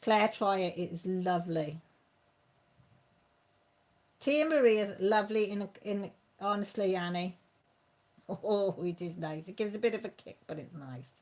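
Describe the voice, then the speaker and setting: A chatty woman hosts a relaxed live stream, answering her viewers by name. She laughs easily and keeps things informal, at a middling pitch for a woman. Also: unhurried, pauses often. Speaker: channel host reading live chat. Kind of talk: casual live-stream chat.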